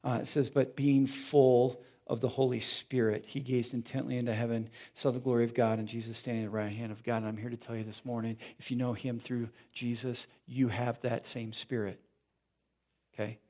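A male pastor preaching a sermon in a church, animated and conversational, with frequent asides to the congregation. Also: medium pitch, a little fast. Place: church sanctuary.

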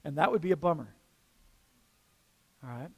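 A man preaching a conversational sermon as pastor, often checking in with listeners with a quick "okay?" or "all right?". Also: on the high side, darkish tone, breathy edge. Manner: casual, checks in with the room with frequent "okay?".

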